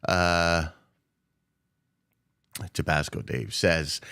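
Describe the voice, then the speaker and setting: Running a day-trading livestream, this man chats loosely and playfully with viewers, cursing freely as he comments on the market. His voice is on the low side, expressive, a bit bright and smooth, and a little slow.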